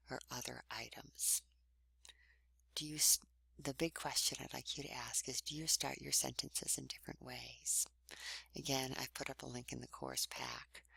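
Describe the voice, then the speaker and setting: A woman, a writing instructor, giving a recorded online lecture in a conversational, explanatory way, often trailing off into breathy endings. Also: rumbling low, pushed and bright, dry recording.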